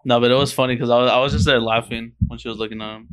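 A man's voice: mid-range voice, steady tone, rapid-fire, fairly bright tone, clean tone. A young man co-hosting a casual podcast, telling a story in a laid-back, trailing way. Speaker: podcast co-host. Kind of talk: casual chat.

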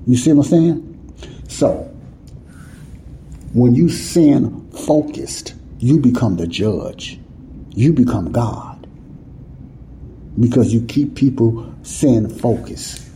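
A man's voice: medium pitch, expressive, slow pace, long pauses, dark tone, slight background noise. A man teaching the Bible in a sermon, talking informally and often checking "you see what I'm saying?". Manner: informal, nonstandard grammar.

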